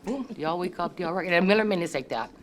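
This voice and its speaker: A woman's voice: on the low side, animated, very fast, a little hiss or hum. A woman in her sixties with a Hawaii local English accent, telling family stories at a reunion in a chatty way, laughing often and acting out her relatives' voices. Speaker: family member sharing memories. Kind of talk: casual storytelling.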